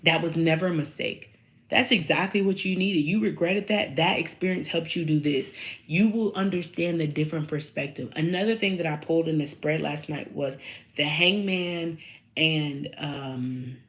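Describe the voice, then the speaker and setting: Speaking at a normal speed in a low-pitched voice, a woman delivers a laid-back tarot and astrology reading to her audience. Her delivery is animated, with plenty of cursing and phrases said again for emphasis.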